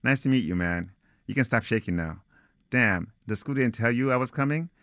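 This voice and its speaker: A man's voice: mid-range voice, lively intonation, normal speed, fairly bright tone, clean tone, no echo, clean studio sound, voice pushed up. Man putting on a slangy swaggering young jazzman. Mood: teasing. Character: cocky young male jazz trumpeter, breezy and teasing.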